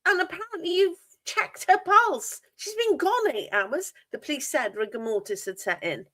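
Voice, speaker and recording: A woman's voice: sits high, big pitch swings, normal speed, a bit bright. A woman hosting a livestream about a true crime case, asking pointed, disbelieving questions with emphatic stress. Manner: incredulous, emphatic, asks many questions. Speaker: livestream host. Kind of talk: true crime discussion stream.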